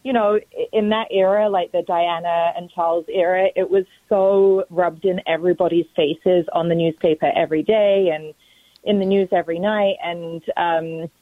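A woman's voice: fairly low pitch, moderate pace, dry recording. British woman guest on a tinny phone line. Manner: relaxed, agreeable, says like often. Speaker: guest, company executive. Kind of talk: radio interview.

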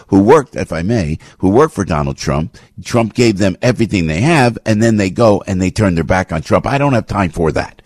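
Older New talk radio host, rambling and fired up, deep and husky. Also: male voice, dry recording. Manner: fired-up, rambling, swings from low to loud. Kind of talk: opinionated talk radio monologue.

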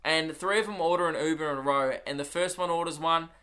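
Australian comedian, young, slightly high bright voice, rambling anecdotal podcast chat. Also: male voice, fast. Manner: rambling, swearing, anecdotal storytelling. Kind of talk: casual solo podcast chat.

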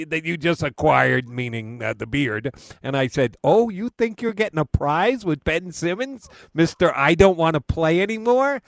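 A man's voice: fairly high pitch, gravelly, a bit bright, no room sound. A male sports radio host asking a guest long, conversational questions.

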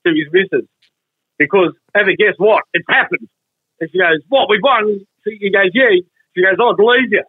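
A man's voice: sits high, moderate pace, dry recording. A man telling rambling stories and jokes on a radio show, repeating himself as he goes. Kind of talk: casual storytelling banter. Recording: dull, husky, dry line.

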